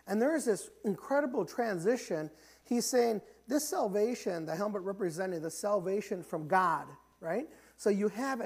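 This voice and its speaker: Middle-aged man, church pastor, earnest sermon delivery with restarts and throat clearing. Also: sits high, darkish tone. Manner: earnest, repeats words as he restarts, often clears his throat.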